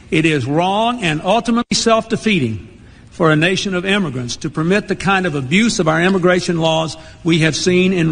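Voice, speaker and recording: A man delivering a formal political address in a measured, deliberate way. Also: on the high side, gravelly. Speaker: politician giving a speech. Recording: archival speech in a long-reverb hall.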